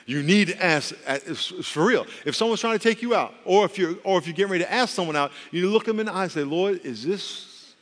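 A man preaching a sermon as pastor, conversational and humorous, with quick asides to the congregation. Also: sits high, animated, in a large hall.

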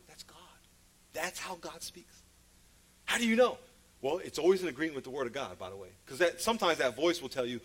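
High-voiced man preaching with playful stories. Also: expressive, brisk. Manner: storytelling, playful, laughs at his own stories; sudden loud calls and drops to a hush. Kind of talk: sermon.

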